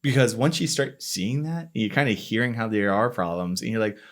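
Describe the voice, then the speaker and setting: Rambling self-mocking man, lowish voice. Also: brisk. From Florida. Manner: rambling, self-mocking, acts out his own past thoughts. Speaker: podcast host, company marketing lead. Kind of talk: casual interview chat.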